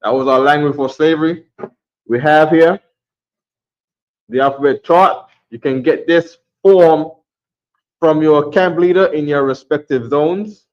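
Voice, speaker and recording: Casting: male teacher, slightly high voice, repetitive, keeps asking "right?", lo-fi recording. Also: a little slow, pauses often, a little mellow. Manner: drops to a mutter when fiddling with the camera. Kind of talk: classroom teaching. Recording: dull lo-fi sound.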